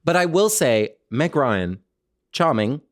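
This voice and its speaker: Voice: medium pitch, very animated, slow pace. Giggly, enthusiastic podcast guest. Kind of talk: casual chat.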